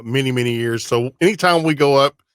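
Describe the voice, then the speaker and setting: An easygoing man hosts a casual podcast interview, circling back over his words as he speaks. His voice sits at a middle pitch, and the recording is dry and close, with no room sound. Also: brisk, clean tone, no echo. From Texas. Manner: easygoing, repeats himself while talking. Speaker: podcast host.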